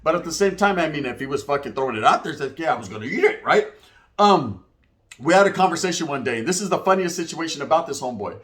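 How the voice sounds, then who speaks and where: Rapid-fire, slangy man telling stories. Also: fairly high pitch, animated, fairly bright tone. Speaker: storyteller recounting prison life. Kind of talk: casual storytelling.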